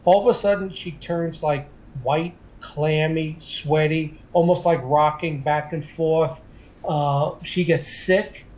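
Middle-aged man, earnest rambling storyteller, somewhat high-pitched, muffled lo-fi sound. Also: fairly even intonation, slow pace, darkish tone. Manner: earnest, rambling retelling with many "she says" tags. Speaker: guest telling a story. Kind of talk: casual spoken storytelling. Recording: dull lo-fi audio.

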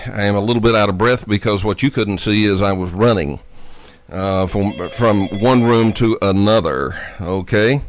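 A man hosting a live radio talk show from a studio, talking in an unhurried, halting way with many fillers. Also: on the low side. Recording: dry, dull lo-fi radio studio sound.

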